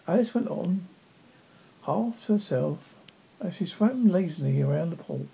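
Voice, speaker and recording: A reader narrating a classic children's story aloud, halting with frequent slips and restarts. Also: mid-range voice, expressive, vocal fry, warm tone. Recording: dull lo-fi with faint noise.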